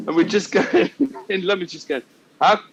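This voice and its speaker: Bloke co-host, lively anecdote teller, slightly high pitch, faint background hiss. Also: male voice, fairly quick, dull audio. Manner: animated, slips into voices for anecdotes. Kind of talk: casual podcast storytelling.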